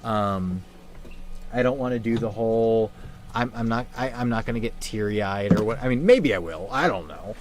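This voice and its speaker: A young man hosting a livestream, talking in a halting, subdued way with many fillers and restarts, grieving and somber. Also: fairly low pitch. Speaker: livestream host. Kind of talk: casual livestream chat.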